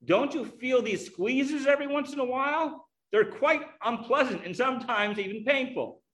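Brief: earnest unborn girl twin in a parable, pleading and hopeful, high bright voice, as a man preacher puts her on. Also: moderate pace.

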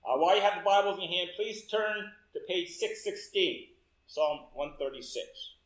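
High-voiced pastor in an echoey church. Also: male voice, animated, fairly bright tone. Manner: unhurried, talks to congregation with "right?" checks. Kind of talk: sermon with congregational reading. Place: church sanctuary.

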